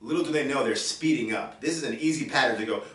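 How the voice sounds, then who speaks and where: A man's voice: medium pitch, quick pace. A man giving a drum lesson, explaining casually and checking in with the viewer. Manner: counts beats aloud while playing. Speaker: drum teacher. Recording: echoey room, distant mic, loud drums.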